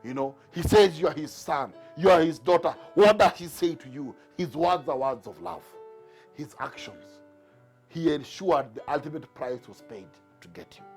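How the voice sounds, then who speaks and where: A man's voice: on the high side, husky. A man preaching a sermon to a Bible class, driving his points home with repeated rhetorical questions. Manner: emphatic, repetitive rhetorical questions.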